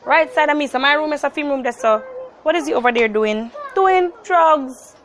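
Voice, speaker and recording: A young Jamaican woman of about nineteen telling a story to camera in a lively, casual way, slipping into Jamaican patois. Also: high-pitched, moderate pace, slight background noise. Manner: animated, slips into Jamaican patois. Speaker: vlogger.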